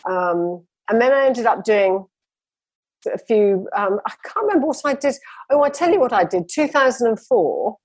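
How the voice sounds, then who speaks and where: A woman's voice: fairly high pitch, lively intonation, normal speed, darkish tone, husky, no echo. A woman telling her running story with enthusiasm, rambling a little as a guest in a conversation. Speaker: interview guest.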